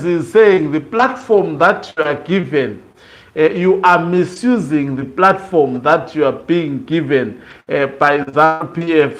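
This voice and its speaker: A man giving casual political commentary, talking loosely with many fillers and restarts. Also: fairly high pitch.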